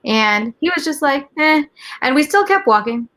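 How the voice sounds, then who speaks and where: A woman's voice: sits high, lively intonation, normal speed, sharp tone. A woman speaking as a guest in a candid couch conversation, emotional and reflective, often restarting her sentences. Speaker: interview guest.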